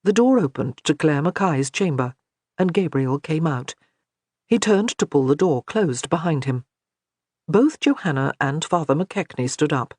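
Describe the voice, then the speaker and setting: A man narrating an audiobook in a measured, expressive reading. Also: fairly high pitch, no room sound, studio quality.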